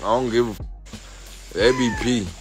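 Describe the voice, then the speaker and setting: A man joking around with his partner at a pool at night, cursing and complaining loudly. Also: medium pitch, moderate pace, faint music behind, low-quality recording. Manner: profane, animated, indignant. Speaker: vlogger. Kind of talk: casual banter.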